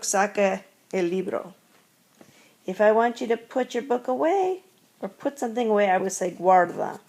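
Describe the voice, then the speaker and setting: A woman's voice: medium pitch, creaky, darkish tone. A woman teaching classroom commands, patiently repeating each one with its English meaning. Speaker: Spanish teacher. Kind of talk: classroom language lesson.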